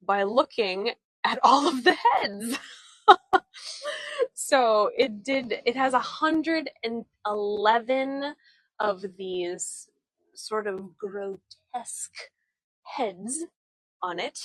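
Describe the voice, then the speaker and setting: A woman's voice: fairly high pitch, animated, very slow, pauses often, fairly bright tone, no echo, low-quality recording. A woman guiding a live virtual walking tour outdoors, talking into a phone camera in a chatty, friendly way with many fillers and restarts, often laughing at herself. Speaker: tour guide. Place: outdoors on town streets.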